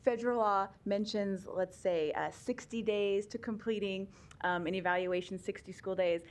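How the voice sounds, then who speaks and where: A woman's voice: medium pitch, moderate pace. A woman giving a chatty talk on special education law at a public meeting, laughing often and using many ums.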